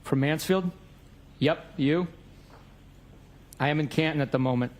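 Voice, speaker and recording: A man's voice: on the high side, a little slow. A man in a courtroom reading out both sides of a text message exchange, stating the date and time of each message.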